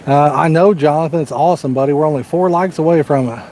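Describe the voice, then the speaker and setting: High-voiced joking Southern man. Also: fast talker, darkish tone, slight background noise. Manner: folksy, joking, corny one-liners. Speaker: fishing livestream host. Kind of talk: casual live-stream chat. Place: outdoors by the water.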